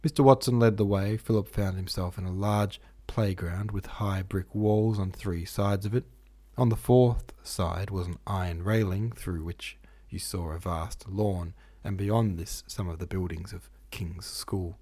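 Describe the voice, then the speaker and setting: A man narrating a classic novel in a steady, measured reading. His voice is husky and mellow, sitting on the low side. He hosts the podcast as well as reading. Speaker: audiobook narrator, podcast host. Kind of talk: literary audiobook reading.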